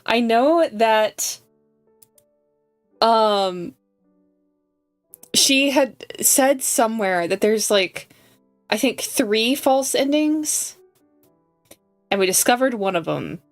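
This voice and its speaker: A woman streaming a story game, chatty and giggly and quick to get excited, in a slow, unhurried way of talking. Her voice is dry and close, with faint game music under it. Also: fairly high pitch, no echo. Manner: giggly and excitable, with lots of fillers. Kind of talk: casual game commentary, reading game text aloud.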